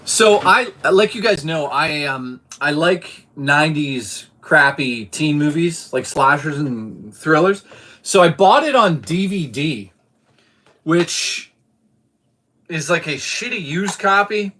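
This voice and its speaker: A man's voice: a little high, animated, takes it slowly, pushed and bright, a little hiss or hum. A man from Boston streaming live, chatting casually about his movie collection and reading out chat messages, swearing now and then.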